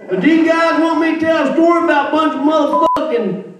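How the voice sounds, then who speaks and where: High-voiced profane man on a stage. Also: fairly quick. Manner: profane, rambling, shouts punchlines. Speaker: stand-up comedian. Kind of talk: stand-up storytelling. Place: stage before a large crowd. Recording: echoey live venue, distant mic, noisy.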